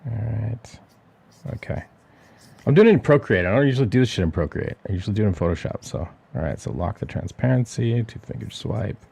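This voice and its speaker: A man's voice: lowish voice, expressive, fast, vocal fry, dark tone, slightly rough. A man casually talking through a digital drawing demo on a livestream, muttering and swearing to himself as he works. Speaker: artist streamer.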